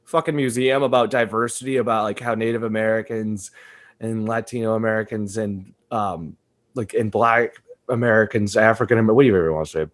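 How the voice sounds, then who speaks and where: A young man co-hosting a podcast, telling a story in casual chat, animated and profane, laughing often. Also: on the low side, a little fast. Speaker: podcast co-host.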